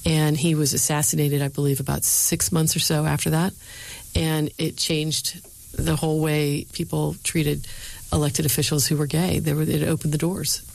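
A middle-aged woman, a speechwriter and lecturer, answering interview questions with lively storytelling and quoting others in changed voices. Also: low-pitched, moderate pace, gravelly, dry recording, low-quality recording. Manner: animated storyteller, voices quoted people.

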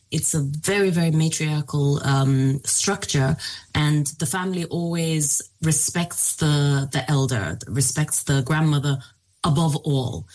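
A woman from Sudan, a filmmaker, answering interview questions in a thoughtful, measured way, with frequent pauses and fillers. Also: low-pitched, darkish tone.

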